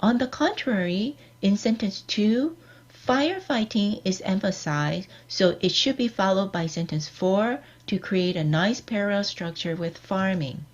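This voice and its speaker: A woman giving a scripted online lecture, reading out example sentences in a measured, deliberate way. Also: mid-range voice. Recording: dull lo-fi recording.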